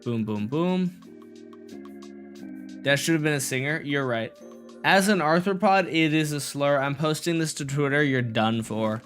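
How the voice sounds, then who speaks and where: A man's voice: fairly high pitch, measured pace, long pauses, a bit bright, soft background music. A young man casually chatting and joking with his live-stream chat while building in a block game, rambling and goofy.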